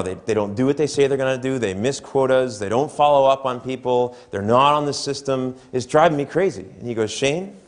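A man giving a motivational keynote at a conference, talking conversationally and asking the audience questions. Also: medium pitch. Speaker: keynote speaker. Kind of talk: motivational seminar talk. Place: conference hall before an audience.

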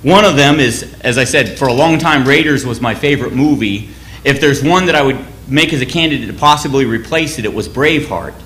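A man's voice: medium pitch, brisk, a bit bright, echoey room, a little hiss or hum. A man giving a sermon in a conversational, anecdotal way, often restarting his phrases. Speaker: church speaker.

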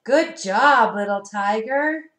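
Teacher lady reading storybooks to little kids, sing-songy, kinda high voice, roomy echo. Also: lively intonation, slow pace, a little hiss or hum. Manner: gentle, sing-song, asks children questions. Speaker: preschool teacher reading picture books. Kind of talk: storybook read-aloud for young children.

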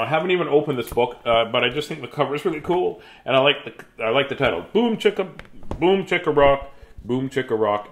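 A man's voice: medium pitch, a bit bright. A man chatting to children and then reading a picture book aloud in a playful, sing-song way, at home.

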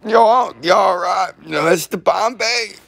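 Man doing a high-pitched stoner guy, loud and giddy, stretched-out words, gravelly edge. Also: heavily acted. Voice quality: high shouting voice, drawn-out words.

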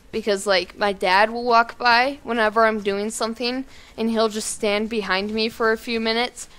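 A teenage girl chatting casually and rambling while playing a game at her home computer, now and then breaking into sudden yells. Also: a little high, smooth. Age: teens. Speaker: gaming YouTuber. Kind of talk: let's play commentary. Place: kitchen at home.

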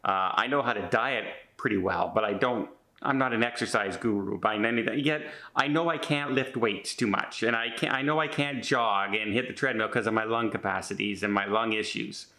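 A man's voice: on the low side, moderate pace, vocal fry, hardly any pauses, pushed and bright. Chatty man in his fifties vlogging. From Canada. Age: 50s. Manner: chatty, rambling, with frequent restarts; earnest and defensive. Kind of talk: casual vlog monologue.

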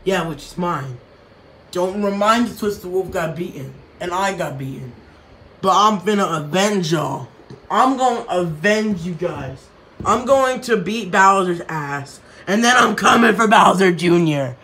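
A man's voice: high voice, lively intonation, a little slow, bright, forceful tone, slight background noise, full character voice. A man voicing a short, hot-headed young male fighter who boasts angrily. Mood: angry boastful. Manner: angry, boastful trash talk.

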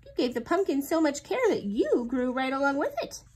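A woman's voice: sits high, big pitch swings, a little fast, darkish tone, pitched above the performer's own voice. A woman voicing a kind young boy in a storybook read-aloud, speaking affectionately. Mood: fond.

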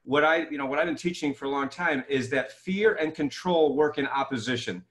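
A fairly high-voiced man talks fast and with emphasis, a guest expert on a video call. He makes his points with lively examples. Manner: energetic, emphatic, explains with examples.

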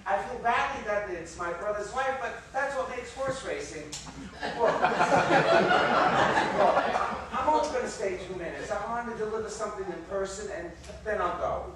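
An actor on stage playing a gruff but generous older brother with a brusque, awkward, insistent way of talking. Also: male voice, high-pitched, fairly quick, natural voice. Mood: blunt. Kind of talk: live stage play. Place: theater stage. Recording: echoey theater, mic far from stage, audible hiss.

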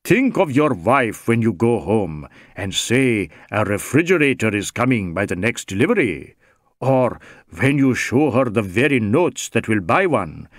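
A man's voice: medium pitch, very animated, unhurried, no room sound, studio quality. A man voicing a tall, scornful man who tries to bribe a police inspector, wheedling and contemptuous by turns.

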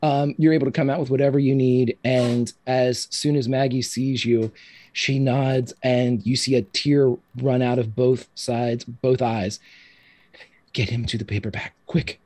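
Husky-voiced man running a tabletop game. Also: medium pitch, measured pace. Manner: descriptive, relaxed, with fillers. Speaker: game master.

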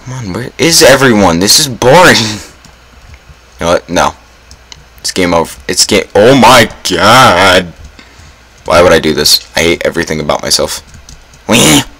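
A young man talks through a game in a very low, deep voice. His commentary is casual and self-mocking, peppered with groans and sudden dramatic exclamations. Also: lively intonation, normal speed, pauses often, sharp tone, slightly rough, poor audio. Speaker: gaming YouTuber.

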